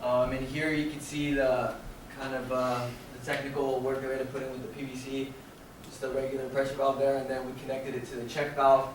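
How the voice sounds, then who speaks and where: A man's voice: mid-range voice, a little fast, few pauses, noisy background. Young man talking in an echoey room. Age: young adult. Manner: relaxed, rambling, many fillers and restarts. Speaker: student presenter. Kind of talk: casual slideshow presentation. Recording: very echoey room, distant mic.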